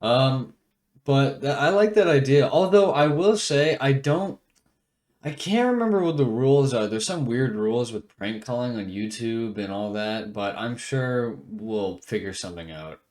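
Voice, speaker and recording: A man's voice: mid-range voice, animated, normal speed, darkish tone, reverberant. A man co-hosting a podcast, chatting in an easygoing, agreeable way. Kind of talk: casual chat.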